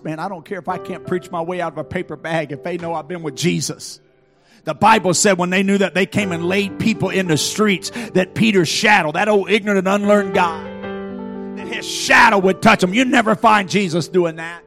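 A male pastor preaching a sermon, swinging from quiet, hushed passages to fervent shouting, punctuating phrases with a rhythmic "uh". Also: high voice, fairly even intonation, a little fast, gravelly. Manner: speaks in tongues. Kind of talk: Pentecostal sermon. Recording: faint music behind.

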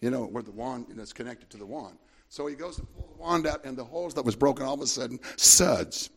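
A man's voice: medium pitch, fast, fairly bright tone, slightly rough. A man preaching a sermon, telling a long anecdote in a rambling way with frequent asides to the congregation. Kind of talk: sermon storytelling.

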